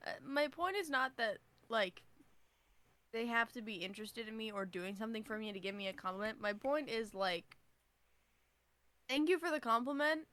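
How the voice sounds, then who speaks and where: A woman's voice: fairly high pitch, animated, moderate pace, long pauses, fairly bright tone. A young woman co-hosting a podcast in casual chat, swearing, laughing and mocking herself. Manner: swearing, laughing, jokey self-mockery. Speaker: podcast co-host.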